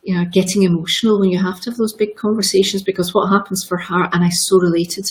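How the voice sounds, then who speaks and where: A woman's voice: mid-range voice, steady tone, quick pace, slight background noise, rough recording. A middle-aged woman telling personal stories in an open, emotional way, often repeating words. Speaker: guest. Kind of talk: candid personal storytelling.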